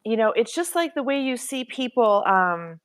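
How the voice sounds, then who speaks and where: A woman's voice: a little high, sing-song, moderate pace. A woman guest in a casual live-stream chat who talks emphatically, often exclaiming her agreement.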